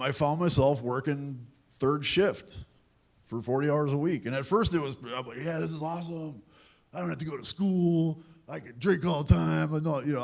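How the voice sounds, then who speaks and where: A man's voice: mid-range voice, darkish tone. A man giving a candid, self-deprecating personal talk to a young audience, acting out the voices of people in his story. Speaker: guest speaker at a youth event. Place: large event hall at a university.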